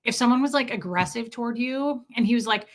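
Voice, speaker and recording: A young woman hosting a live stream, chatting casually and reading out viewers' names in an animated, chatty way. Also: a little high, fairly quick. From Midwest US. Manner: chatty, animated, reads chat names aloud. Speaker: livestream host.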